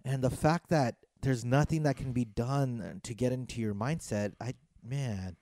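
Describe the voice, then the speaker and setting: A man's voice: medium pitch, measured pace, dark tone, dry recording. Easygoing male podcast host, dry sound. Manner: easygoing, joking, hesitant when serious. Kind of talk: casual podcast chat.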